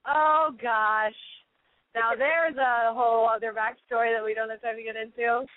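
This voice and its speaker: A woman's voice: fairly high pitch, steady tone, fairly quick, dry recording. A woman musician chatting as an interview guest, rambling with lots of fillers and restarts. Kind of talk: casual interview chat. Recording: tinny phone line, dry.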